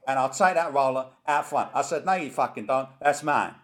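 A man's voice: mid-range voice, a little fast, natural voice. Man doing a brash, cocky car salesman. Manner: cocky, wheeler-dealer patter. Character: brash boastful male car salesman, middle-aged. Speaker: prank caller. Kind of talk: prank call in character.

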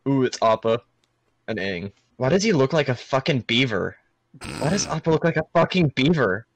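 A man's voice: mid-range voice, sing-song, normal speed, dry recording. A young man in casual, profane chat, reacting to a movie with mocking disbelief. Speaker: friend watching a movie, fan of the show.

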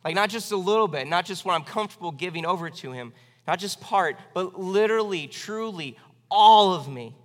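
A man's voice: high voice, a little fast, fairly bright tone, in a large hall. A man preaching a sermon as pastor, earnest and conversational, often restarting his phrases.

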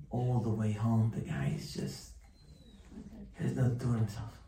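A man giving an animated, emphatic sermon to a live group, telling a story and acting out its dialogue. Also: on the low side, moderate pace, long pauses, background noise. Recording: roomy room from far off, faint ambience.

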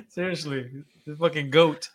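A man co-hosting a podcast in casual chat, swearing freely and laughing loudly. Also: on the high side. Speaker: podcast co-host.

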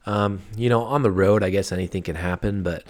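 A man co-hosting a podcast chats about college football in a laid-back way, hedging with plenty of fillers. His voice sits low and he talks briskly.

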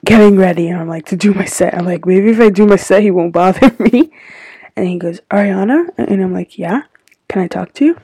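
A woman's voice: medium pitch, warm tone, husky, no room sound, low-quality recording. A woman hosting a casual confessional podcast, rambling with lots of filler words and sometimes dropping almost to a whisper. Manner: rambling, heavy use of "like" fillers; drops to a near-whisper at times. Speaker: podcast host.

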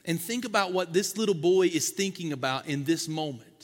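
A man's voice: a little high, lively intonation, fairly quick, in a large hall. A man preaching a sermon as a pastor, in a conversational, folksy way with casual asides to the congregation.

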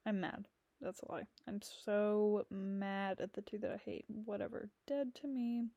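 Young woman host, casual rambling monologue, blunt and profane, mellow tone, dry close sound. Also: medium pitch, steady tone, measured pace, no echo, highs cut off. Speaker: podcast host.

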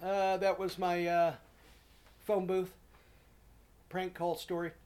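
A man's voice: high-pitched, monotone, slow, smooth. A man co-hosting a podcast, telling a crude prank-call story in a rambling, profane way. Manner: profane, rambling, acts out shouting callers. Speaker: podcast co-host.

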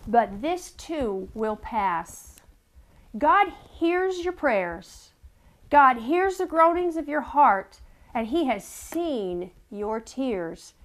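A woman with a fairly high pitch preaches a sermon earnestly, often repeating words as she searches for them and putting direct questions to her listeners.

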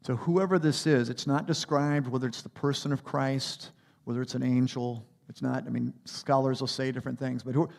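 A man preaching a sermon as a pastor, animated, rising to emphatic peaks and dropping to quiet asides. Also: mid-range voice, normal speed, gravelly.

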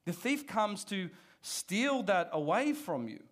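A pastor, preaching a sermon to his church in an animated, conversational way. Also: high voice, takes it slowly. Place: church service.

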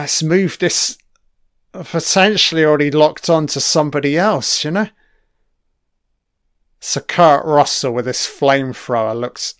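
A man's voice: a little high, no room sound, studio quality. A man giving a casual audio commentary on a film, swearing freely and rambling with trailing-off asides. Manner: profane, enthusiastic, frequent swearing.

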